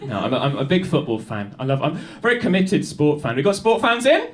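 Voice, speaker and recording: Young man, stand-up comedian, lively high voice, live audience laughter. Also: quick pace. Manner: high-energy, chatty crowd work with frequent laughs. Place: small comedy club stage. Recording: live club recording with audience. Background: audience laughing and applauding.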